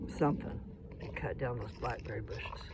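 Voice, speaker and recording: Walking outdoors along a path with a phone in hand, a Colorado man talks to his viewers in a loose, rambling way for his casual vlog. His voice is medium-pitched and moderately paced, set against a noisy background.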